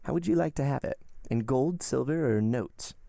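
Guy playing a flattering nervous banker, eager, gravelly voice. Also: medium pitch, moderate pace, no room sound, studio quality, pitched above the performer's own voice, lightly acted. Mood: fawning. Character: fawning middle-aged male banker, greedy and flustered. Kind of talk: audiobook reading.

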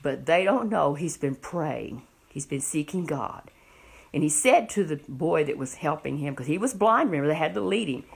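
A middle-aged woman tells a Bible story to children in a lively, questioning way. Her voice sits low and has a gravelly, husky grain. She keeps pulling the listener in with questions. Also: moderate pace.

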